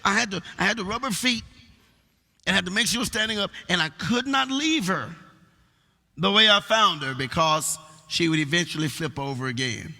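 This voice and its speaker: Male pastor, sermon delivery, high and cutting tone, echoing sanctuary, repetitions that build to rhythmic shouts. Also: expressive, normal speed. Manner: rhythmic preaching that rises into sung shouts; repeats words when building a point. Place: church sanctuary. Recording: long reverb of a large church hall.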